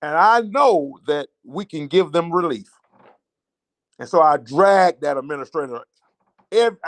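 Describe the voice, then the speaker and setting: Southern man host, fairly high voice, impassioned repetitive storyteller. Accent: Southern American. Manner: emotional, repetitive storytelling with rising indignation. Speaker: teachers' association advocate hosting a show. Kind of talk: impassioned spoken monologue.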